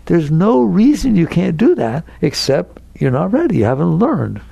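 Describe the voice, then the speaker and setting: A man's voice: high voice, big pitch swings, normal speed, creaky, mellow, slightly rough, no echo, muffled recording. An older man giving a spiritual talk to an audience, speaking conversationally and asking many rhetorical questions. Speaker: spiritual teacher.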